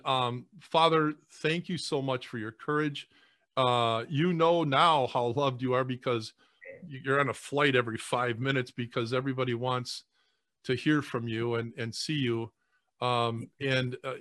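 A man's voice: mid-range voice, fairly bright tone, no echo. Earnest male priest on a podcast, stumbling over his words when moved, dry close sound. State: choking back tears. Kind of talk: emotional podcast conversation.

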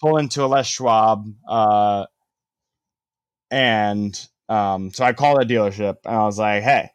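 A man's voice: lowish voice, a little slow, smooth, no room sound. A young man telling a long story in casual chat, rambling with lots of "like" and casual swearing.

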